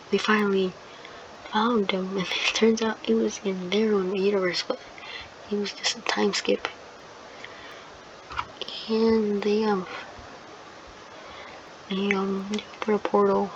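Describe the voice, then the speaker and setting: Rambling woman on a dull noisy recording. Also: medium pitch. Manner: rambling, hesitant, searching for words. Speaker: channel host. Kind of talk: improvised fan-fiction storytelling. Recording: dull lo-fi recording with steady noise.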